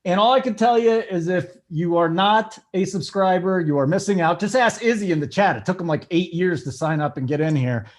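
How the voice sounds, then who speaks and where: A man hosting a casual sports betting show, hyped and joking as he gives shout-outs. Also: high voice, fairly quick, few pauses. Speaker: show host.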